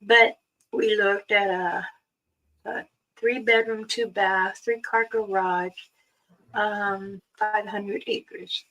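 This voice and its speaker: A middle-aged woman hosts a livestream and spins stories in a relaxed, unhurried chat, acting out the voices of the people in them with a laugh never far away. Her tone is bright and sharp, and she sits back from the mic, so she sounds a little distant. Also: mid-range voice. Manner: animated, acts out quoted dialogue, laughs often. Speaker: livestream host. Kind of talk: casual storytelling chat.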